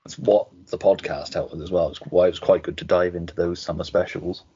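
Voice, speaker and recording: A man's voice: low-pitched, steady tone, brisk, warm tone, slightly rough, dull audio. A man co-hosting a podcast over a video call, chatting candidly, swearing and laughing through his stories. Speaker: podcast co-host.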